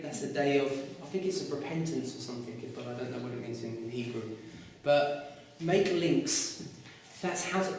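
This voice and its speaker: A man teaching a class, lively and quizzing his students. His voice sits fairly high for a man. It is recorded from a distance in a very echoey room. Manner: lively, asks students questions. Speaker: Arabic teacher. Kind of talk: classroom lecture. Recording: echoey room, mic far off.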